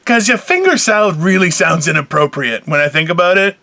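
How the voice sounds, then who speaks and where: Bright, high-voiced man joking crudely. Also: lively intonation, a little fast. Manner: joking, profane, rambling. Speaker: podcast co-host. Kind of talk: casual crude banter.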